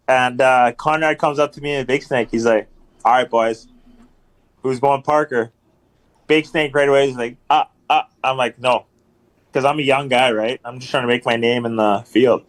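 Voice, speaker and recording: A man's voice: medium pitch, fairly even intonation, normal speed. A man guest on a podcast, telling casual stories in a rambling way, full of ums and repeated phrases. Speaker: podcast guest, hockey enforcer. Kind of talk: casual storytelling chat.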